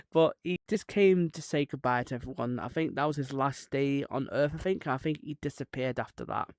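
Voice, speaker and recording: A man's voice: medium pitch, brisk, hardly any pauses, dry recording, clean studio sound. A man, a streamer rambling irreverently in casual chat and laughing at his own jokes.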